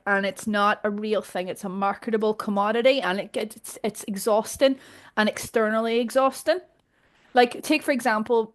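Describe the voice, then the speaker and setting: A Northern Irish woman, a guest in a casual conversation, talking in a direct, animated way and often laughing. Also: medium pitch. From Northern Ireland.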